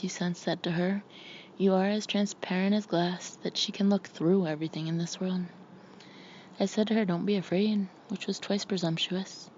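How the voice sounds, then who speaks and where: A woman narrating an audiobook in a steady, measured reading. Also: mid-range voice, a little hiss or hum. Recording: slightly muffled recording.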